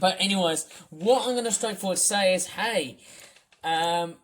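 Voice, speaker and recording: A YouTuber ranting and complaining in a vlog, throwing out insults, with a voice strained from yelling. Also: mid-range voice, measured pace.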